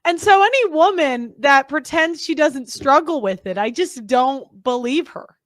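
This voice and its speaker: A woman hosts a reaction commentary, her voice pitched high and recorded close and dry. She talks bluntly and candidly, piling on asides and restarting her sentences. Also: animated, measured pace, no room sound. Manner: candid, blunt, rambling, self-interrupting. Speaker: host.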